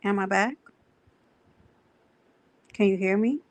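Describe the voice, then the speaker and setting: A woman hosting a livestream, greeting her chat and ranting in an animated, profane, emphatic way. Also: mid-range voice, takes it slowly, dry recording. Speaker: livestream host. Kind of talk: livestream rant and viewer chat.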